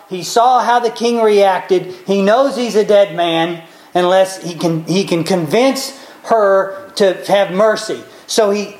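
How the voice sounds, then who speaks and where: A woman preaching a sermon, retelling a Bible story in an animated way and acting out the characters with big swings in her voice. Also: medium pitch, roomy sound.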